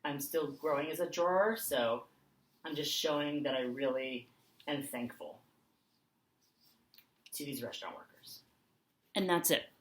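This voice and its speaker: Low-pitched woman, lively sing-song teacher voice, slow dictation as she writes, roomy echo. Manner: slow, dictating aloud while writing. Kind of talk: online lesson for children.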